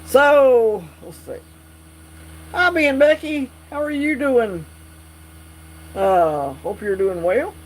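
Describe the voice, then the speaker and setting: A man hosting a casual live stream, chatting with viewers in a relaxed, drawling way. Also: very high-pitched, slow pace, pauses often, low-quality recording. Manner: drawling, relaxed, reads and answers chat. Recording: faint mains hum.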